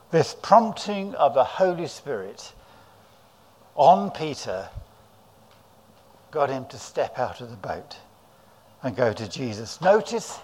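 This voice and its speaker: A man with an English accent preaching a sermon, telling the story dramatically and voicing the disciples' cries. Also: fairly high pitch.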